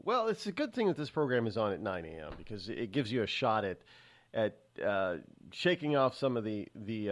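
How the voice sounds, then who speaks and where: Sarcastic male talk radio host. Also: medium pitch. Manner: sarcastic, rambling with frequent restarts. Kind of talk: opinionated talk radio monologue.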